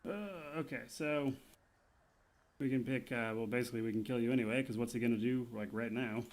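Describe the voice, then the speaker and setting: A man's voice: medium pitch, brisk. Laid-back male game streamer. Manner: relaxed, explanatory, with many fillers. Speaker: gaming streamer. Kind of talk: casual let's-play commentary.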